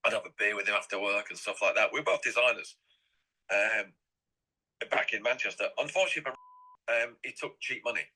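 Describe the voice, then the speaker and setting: Middle-aged English man, interview guest, bright and husky tone, rambling and repetitive. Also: lowish voice, fairly quick, rough recording.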